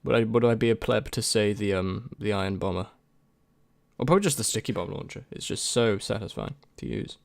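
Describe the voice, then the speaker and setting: A man's voice: lowish voice, a little fast, gravelly, dry recording. A young man and YouTube creator in casual chat, answering viewer questions in a rambling, hesitant way with many restarts.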